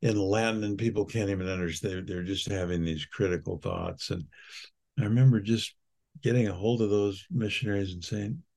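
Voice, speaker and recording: Older man, gravelly low voice. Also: normal speed, a little mellow. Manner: earnest, storytelling, frequent restarts. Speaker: podcast co-host. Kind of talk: casual reflective chat.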